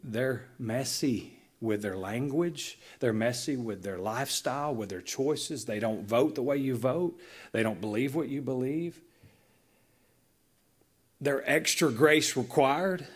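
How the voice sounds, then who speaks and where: A male pastor preaching to his congregation. His voice is a little husky, and he tells stories with lively, emphatic changes in loudness and pace. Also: medium pitch, takes it slowly. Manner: animated storytelling with emphatic dynamic shifts. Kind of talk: sermon.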